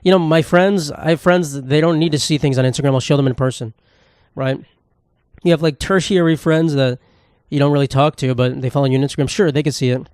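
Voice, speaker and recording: A man's voice: a little high, steady tone, fairly quick, a little mellow, dry recording, clean studio sound. A young man, a comedian hosting his own podcast, rambling casually in a self-deprecating way and swearing freely. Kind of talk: casual solo monologue.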